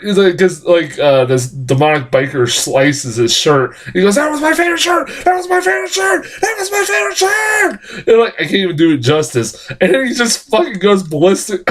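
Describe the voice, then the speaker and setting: Excitable, swearing man reviewing a film. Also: a little high. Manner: excitable, rambling, heavy swearing. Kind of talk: casual spoken film review.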